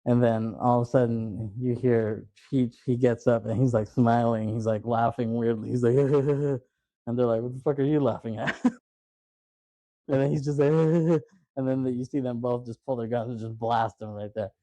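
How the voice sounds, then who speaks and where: A man's voice: medium pitch, fairly even intonation, normal speed, mellow, dry recording. A man hosting a casual movie podcast, retelling scenes loosely and laughing as he acts out the characters' lines. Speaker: podcast host.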